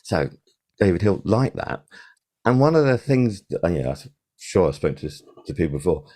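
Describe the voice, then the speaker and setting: An older man spins rambling stories in a relaxed podcast interview, stopping often for fillers and restarts. His voice sits low. The tone is dark and mellow. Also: moderate pace. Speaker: podcast guest, sound supervisor. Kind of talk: casual interview.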